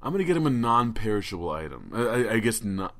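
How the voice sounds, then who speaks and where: A man's voice: on the low side, very animated, quick pace, vocal fry, fairly bright tone. A man telling a rambling, profane story on a casual podcast, stammering and restarting often. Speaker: podcast co-host.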